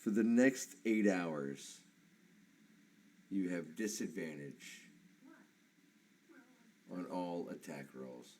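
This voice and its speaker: A man with a very low, deep voice narrates as game master of a tabletop game. He speaks in a matter-of-fact, deliberate way. Faint room noise sits under his voice. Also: expressive, dark tone.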